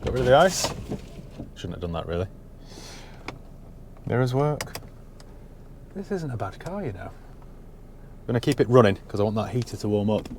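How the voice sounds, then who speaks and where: A man's voice: lowish voice, very animated, moderate pace, long pauses, a little mellow, slight background noise. A man giving a casual, dry-humoured walkaround of a used car he has bought, talking from inside the parked car on a cold day. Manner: dry, wry asides.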